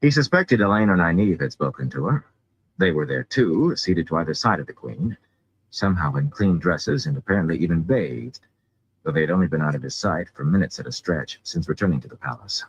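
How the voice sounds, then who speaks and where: A man with a low, husky voice reads a fantasy novel aloud, his pitch rising and falling expressively. The sound is dull and lo-fi, as from a simple home microphone. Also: expressive, a little fast. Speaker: audiobook reader.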